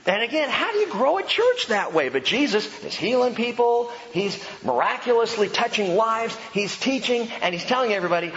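High-voiced pastor preaching in a reverberant church. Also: male voice, sing-song. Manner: impassioned, swings between loud emphasis and hushed slow lines. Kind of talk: sermon. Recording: dull sound with long church reverb.

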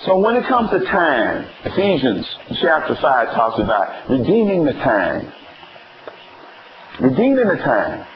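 Animated Southern preacher, lively pitch. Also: male voice, measured pace, dull audio, slight background noise. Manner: playful, animated, call-and-response preaching. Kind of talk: sermon.

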